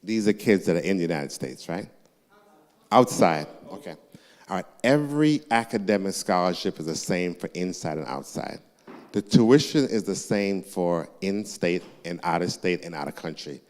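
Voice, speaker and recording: Low-voiced man answering questions in an echoey church hall. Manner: lively, joking, quick to tease the audience. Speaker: university representative answering questions. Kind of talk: live Q&A in a church.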